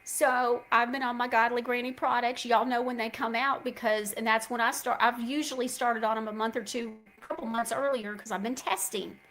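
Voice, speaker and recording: A woman's voice: fairly high pitch, steady tone, a little fast, few pauses, a bit bright, poor audio. A middle-aged woman, hosting a show and telling a chatty story straight to her listeners. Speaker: host. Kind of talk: casual chat.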